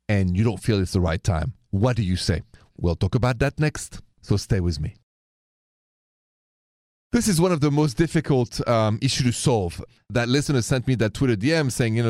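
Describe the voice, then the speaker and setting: Earnest radio advice host, dry sound. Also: male voice, mid-range voice, darkish tone, no echo. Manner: earnest, sprinkles French words. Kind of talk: late-night radio advice talk.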